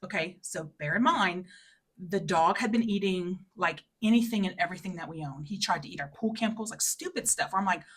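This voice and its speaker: A woman's voice: fairly quick, husky. A woman in her thirties, a podcast co-host, telling a story in casual chat with many fillers and acted-out quotes. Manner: acts out quotes in a high, loud voice.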